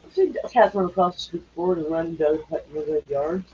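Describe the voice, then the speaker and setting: A woman's voice: on the low side, moderate pace, dull audio, a crowd in the background. A woman hosting a casual chat, rambling and laughing often. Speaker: streamer host.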